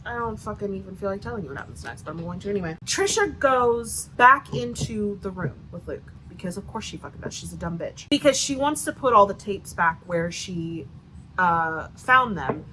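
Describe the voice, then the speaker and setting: A woman's voice: medium pitch, lively intonation, normal speed, pushed and bright, a little hiss or hum, poor audio. A woman giving a casual, sarcastic book review rant, swearing often and filling her talk with "like.". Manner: profane, sarcastic, heavy filler use.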